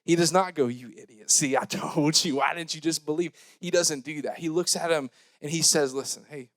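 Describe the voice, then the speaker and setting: A young male youth pastor delivers a casual, jokey sermon. His voice sits a little high, and the sound is close and dry. He reads scripture loudly and slowly, then drops into quiet, quick asides. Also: fairly even intonation, no room sound. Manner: jokey, conversational, swings between loud scripture reading and mumbled asides.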